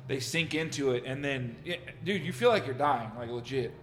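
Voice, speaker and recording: A man's voice: medium pitch, moderate pace, fairly bright tone. A man hosting a podcast, telling loose, profane stories in casual chat. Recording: reverberant room, faint noise.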